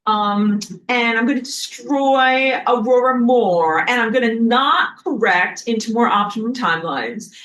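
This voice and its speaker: Woman acting out a cruel taunting sun, higher and louder than her own voice, gloating, scheming. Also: a little slow, few pauses, low-quality recording. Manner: taunting, mocking.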